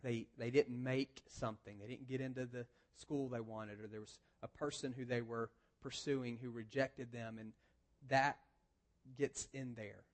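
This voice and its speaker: A man preaching a sermon in a conversational way, restarting phrases and moving between quiet, low asides and louder, emphatic points. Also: fairly even intonation, unhurried. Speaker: pastor.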